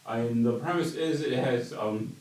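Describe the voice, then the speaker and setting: A man's voice: medium pitch, moderate pace, darkish tone. Stumbling man heard from far off. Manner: stumbling, repeats words. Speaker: podcast guest. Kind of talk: casual group chat. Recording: distant echoey room.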